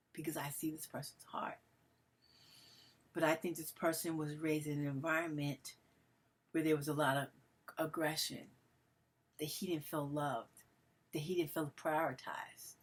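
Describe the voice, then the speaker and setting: Woman vlogger, lowish husky voice, emotional and melodramatic, chats straight to her viewers. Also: fairly bright tone. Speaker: vlogger addressing her followers. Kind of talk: casual direct-to-camera monologue.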